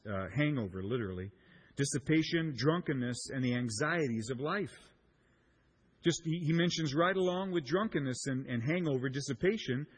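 A man's voice: medium pitch, husky. A middle-aged man, a pastor, preaching a sermon in a church and mixing in a playful personal story with acted-out voices. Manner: playful storyteller, acts out voices and sound effects.

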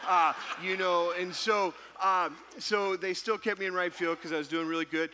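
A man pastor telling a self-deprecating story in an animated sermon to a live congregation. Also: high-pitched, moderate pace, few pauses, background noise. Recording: hall reverb.

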